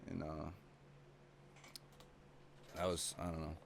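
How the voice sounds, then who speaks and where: A man's voice: extremely low pitch, monotone, slow, gravelly, slight background noise. A young man talking as a podcast guest, telling stories in a rambling way with lots of swearing and fillers. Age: young adult. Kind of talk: casual chat.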